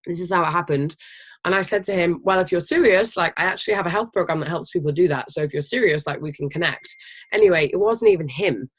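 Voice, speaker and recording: A team leader giving an animated, casual motivational training talk, emphatic and swearing freely. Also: medium pitch, fast talker, husky. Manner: animated, energetic. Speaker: team leader of a health business.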